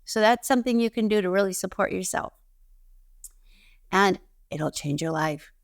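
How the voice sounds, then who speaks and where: A woman's voice: mid-range voice, normal speed, no echo, clean studio sound. A woman giving an instructional self-help talk to camera, emphatic, repeating key phrases and giving direct instructions. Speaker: intuition teacher.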